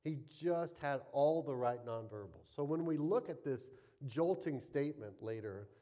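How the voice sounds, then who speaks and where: A man preaching a sermon as a pastor, reading scripture expressively and then teaching with a relaxed, conversational delivery. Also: mid-range voice, normal speed. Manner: expressive reading with emphatic rises and soft, trailing phrase ends.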